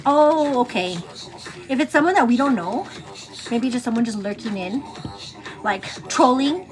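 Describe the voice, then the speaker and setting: High, chatty woman livestreamer. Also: big pitch swings, measured pace, soft background music. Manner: chatty, calls viewers "girl" constantly; laughs often, teasing then turning earnest. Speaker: livestream host. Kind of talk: casual chat on a morning get-ready livestream.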